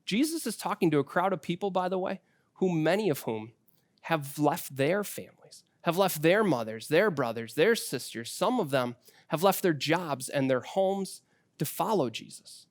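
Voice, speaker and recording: A man's voice: fairly high pitch, animated, moderate pace, no echo. A man in his forties preaching a sermon as pastor, telling family stories in a conversational way. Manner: conversational storytelling with personal anecdotes.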